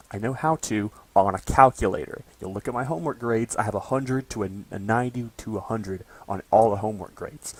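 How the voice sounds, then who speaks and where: A young man in college ranting casually to camera, swearing often and tagging his lines with "okay?". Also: fairly low pitch. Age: young adult. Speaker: college student vlogger.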